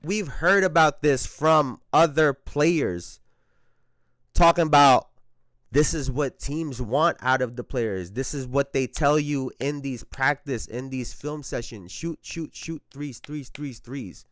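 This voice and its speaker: A man hosting his own basketball commentary, talking his opinions through in a conversational, emphatic way. His voice sits at an ordinary middle pitch. The sound is close and dry, with no room behind it. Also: slow pace, fairly bright tone, no room sound.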